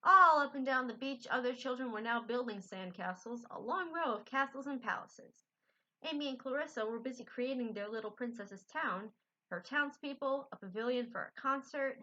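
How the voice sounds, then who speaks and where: Brief: woman storybook reader, gentle and casual, fairly high, bright, dull lo-fi audio. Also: moderate pace. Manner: gentle, unpolished, self-correcting. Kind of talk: reading a children's book aloud. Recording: dull lo-fi recording.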